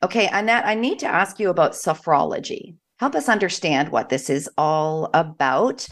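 A woman's voice: on the low side, expressive, normal speed. A woman hosting a radio interview, encouraging her guest with enthusiastic reactions. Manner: enthusiastic, encouraging, laughs often. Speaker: radio show host. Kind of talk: conversational interview.

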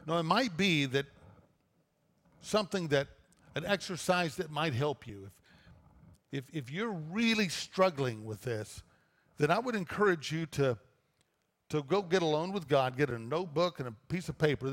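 Conversational preacher in a reverberant church. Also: male voice, a little high, animated, normal speed. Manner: conversational preaching with repeated restarts. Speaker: pastor. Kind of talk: sermon. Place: church auditorium. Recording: long reverb of a church auditorium.

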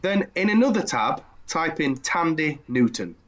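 A man's voice: a little high, sing-song, measured pace, a bit bright. A man in casual podcast chat who talks hesitantly, often repeating himself and trailing off. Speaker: podcast co-host.

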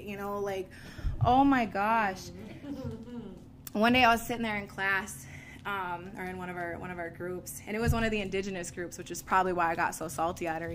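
A woman's voice: mid-range voice, noisy background. Candid woman telling her own story. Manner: candid, animated storytelling with frequent laughs and fillers. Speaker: speaker sharing a recovery story. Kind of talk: casual personal testimony to an audience.

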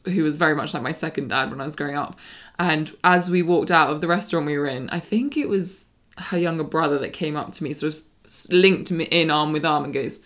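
A woman's voice: low-pitched, a bit bright. Frank young woman podcast host. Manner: frank, emphatic, reflective. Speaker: podcast host interviewing her mother. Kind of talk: casual conversation.

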